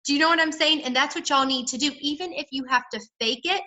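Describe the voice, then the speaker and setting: Peppy lady leading a team call, high bright voice, all pep talk. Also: fast talker, low-quality recording. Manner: upbeat, direct, peppy sales pep talk. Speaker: direct-sales team leader training her team. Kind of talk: motivational coaching on a team call.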